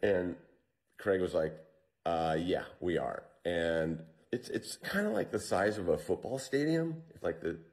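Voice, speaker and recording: Deep-voiced man telling a survival story. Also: measured pace. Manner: storytelling, relaxed with fillers and restarts. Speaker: interview guest.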